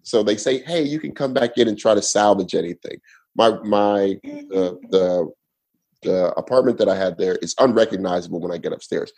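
Gravelly laid-back male comedian storyteller. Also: lowish voice, moderate pace, a little mellow, poor audio. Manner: laid-back storyteller, acts out other people's lines. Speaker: comedian guest. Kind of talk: casual storytelling on a podcast.

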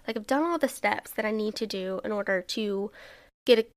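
Gravelly young woman rambling on a podcast. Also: medium pitch, fairly quick. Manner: rambling, self-questioning, heavy use of "like". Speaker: podcast host. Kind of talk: casual solo podcast monologue.

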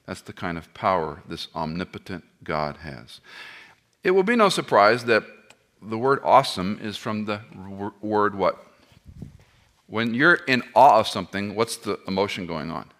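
Preaching an expository sermon at an unhurried pace, a man with a lowish voice stays animated throughout. He keeps throwing rhetorical questions at the congregation and slipping in humorous asides.

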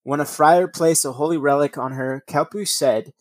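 A man hosts a storytelling podcast, reading passages aloud and breaking off into rambling, profane casual asides. His voice is a little high, at normal speed, with no echo.

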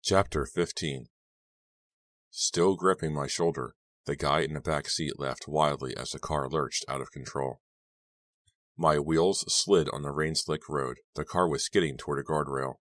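A man with an extremely deep, low voice narrates a teen thriller audiobook in a steady, dramatic way. The recording is dry and close, with no room sound. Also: unhurried, no echo. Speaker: audiobook reader. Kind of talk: first-person audiobook narration.

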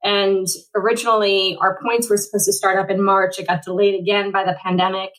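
A woman in her forties recounts her story as an interview guest. Her voice sits at an ordinary middle pitch. She rambles and restarts her sentences often. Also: level tone, a little fast, a bit bright, poor audio. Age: 40s. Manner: rambling, frequent fillers and restarts. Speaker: Paralympic triathlete guest.

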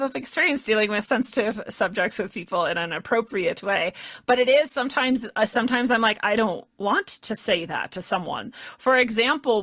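A woman speaking as a guest in a casual interview, measured and thoughtful, with light laughs. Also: fairly high pitch, a bit bright, no echo.

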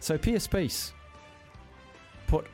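A man's voice: very slow, darkish tone, soft background music. A man hosting a sports radio show, telling stories with enthusiasm in casual banter. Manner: enthusiastic storyteller. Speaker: radio host.

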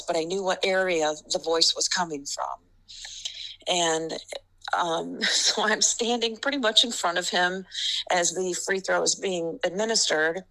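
A middle-aged woman, a basketball referee, telling animated stories in an interview and laughing often. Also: lowish voice, rough recording. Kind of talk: storytelling interview.

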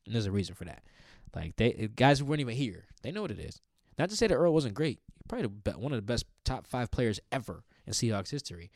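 Male podcast host, mid pitch, loose slangy delivery, dry close mic. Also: very animated, fast, darkish tone, dry recording. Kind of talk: casual sports chat.

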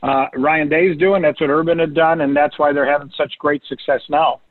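A man's voice: a little high, steady tone, fairly quick, no echo. Older man telling recruiting stories over a phone line. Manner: storytelling, quotes coaches in a raised voice. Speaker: recruiting analyst guest. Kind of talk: casual radio sports talk. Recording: tinny phone-line radio audio.

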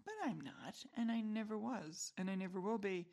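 A woman's voice: medium pitch, moderate pace, creaky, warm tone. A middle-aged woman hosting a solo podcast, rambling through a casual monologue with self-mocking humor and frequent chuckles. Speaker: podcast host.

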